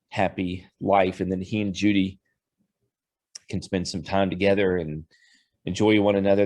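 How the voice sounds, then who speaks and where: Emotional deep-voiced man giving a tribute. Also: darkish tone, no room sound. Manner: emotional, halting. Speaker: former church member giving a tribute. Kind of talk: heartfelt spoken tribute.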